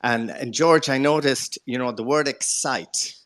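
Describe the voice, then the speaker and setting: A man's voice: medium pitch, a little slow, fairly bright tone, no echo. A man with an Irish accent, a guest in a casual live chat, politely and reflectively asking the host a question, with many hesitant fillers.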